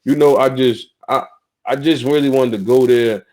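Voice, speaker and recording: A man's voice: mid-range voice, fairly even intonation, normal speed, a little mellow. Blunt, heated Southern man. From North Carolina, US. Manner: blunt, heated and profane, with restarts. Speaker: podcast host. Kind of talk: casual talk-show monologue.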